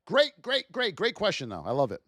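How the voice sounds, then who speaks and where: High-pitched animated male trading instructor. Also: a little fast, no echo. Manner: animated, acts out traders' self-talk, addresses chat. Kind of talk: live-streamed trading class.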